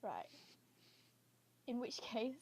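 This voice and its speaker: A woman playing a tabletop game, chatty and quick to apologise as she checks rules. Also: a little high, huge pitch swings, a little mellow, slightly rough, rough recording. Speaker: player. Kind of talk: casual tabletop play.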